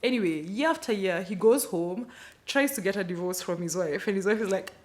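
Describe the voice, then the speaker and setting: In a brisk, mid-range voice, a woman with a Kenyan accent runs through this month's reads for her book channel. The wrap-up is casual, dotted with playful slang.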